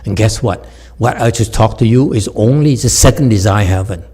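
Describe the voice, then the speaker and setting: A man's voice: fairly low pitch, moderate pace, warm tone, breathy edge. A man, a Buddhist meditation teacher, giving an informal dharma talk, telling stories with jokes and frequent laughter and talking straight to his listeners. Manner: jokey, laughs often, talks straight to listeners.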